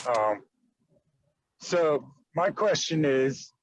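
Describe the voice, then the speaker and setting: A man's voice: mid-range voice, expressive, very slow, highs cut off. Man rambling through a question on a call. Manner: rambling, with many fillers. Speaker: team member asking a question. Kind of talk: casual question on a video call.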